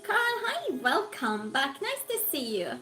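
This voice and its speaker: A high-voiced woman with a Norwegian-tinged British English accent hosts a relaxed live stream at an unhurried pace. She greets her viewers one by one and reads their comments aloud. Her voice bounces around an echoey room with faint music underneath. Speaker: livestream host. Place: home room.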